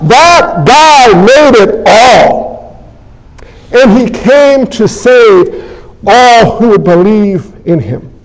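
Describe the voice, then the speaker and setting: A man's voice: very high-pitched, expressive, extremely slow, poor audio. A man preaching a sermon as pastor, emphatic and folksy, asking the congregation rhetorical questions.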